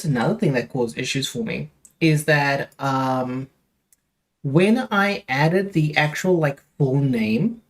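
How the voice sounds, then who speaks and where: Chatty young man rambling to his stream. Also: a little high. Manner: rambling, chatty, talks straight to chat with many fillers. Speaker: live streamer. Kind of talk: casual live-stream chat.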